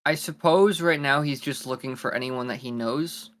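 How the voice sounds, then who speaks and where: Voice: medium pitch, normal speed, fairly bright tone. Casual joking player, mid-range voice, describing character actions. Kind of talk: tabletop game play.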